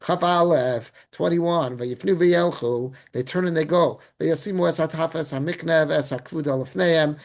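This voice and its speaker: Male rabbi, Torah class, reads verses then paraphrases, casual, animated. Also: fairly high pitch, moderate pace, few pauses. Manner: animated storytelling.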